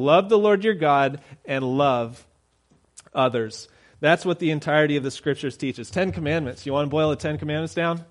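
Guy preaching a sermon, kinda high voice, chatty, lots of ums and restarts. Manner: conversational, with fillers and restarts.

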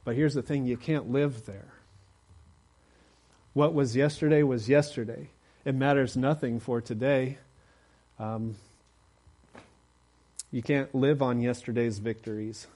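A man preaching a sermon in a relaxed, conversational way, often pausing on fillers. His pitch sits in the middle range. At high points he presses harder and gets louder. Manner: conversational, rising to emphatic exhortation.

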